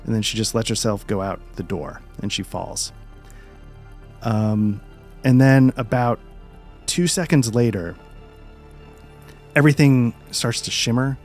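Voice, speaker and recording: Calm man narrating a tabletop game. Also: mid-range voice, unhurried, pauses often, faint music behind. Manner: calm descriptive narration with many fillers. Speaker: game master.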